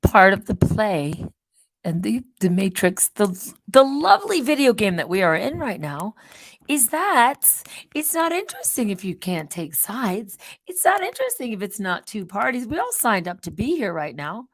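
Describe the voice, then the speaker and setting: A woman hosting her own channel, rambling in a casual monologue that swings between loud outbursts and quiet muttered asides. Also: mid-range voice, sing-song, moderate pace. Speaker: channel host.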